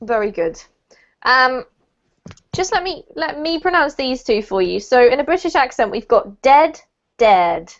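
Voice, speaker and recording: A woman's voice: high-pitched, lively intonation, moderate pace. A woman teaching pronunciation to a small online group, giving encouraging feedback over a video call. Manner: encouraging, gives gentle feedback. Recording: muffled video call audio.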